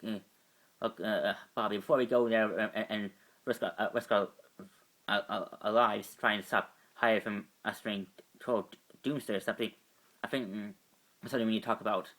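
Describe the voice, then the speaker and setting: A man voicing a wry, remorseful male agent, halting and full of restarts. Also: fairly low pitch, fairly bright tone, natural voice. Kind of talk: amateur fan voice acting.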